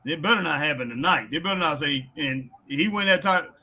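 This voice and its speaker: A man's voice: fairly high pitch, lively intonation, brisk, sharp tone, husky. A man co-hosting a wrestling live stream in casual chat, laughing and joking, breaking into bits of old songs. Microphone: home stream mic.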